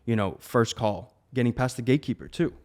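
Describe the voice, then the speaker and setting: A man's voice: medium pitch, a little fast, darkish tone. A man co-hosting a casual roundtable chat, agreeable and peppering his talk with "you know". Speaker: podcast co-host.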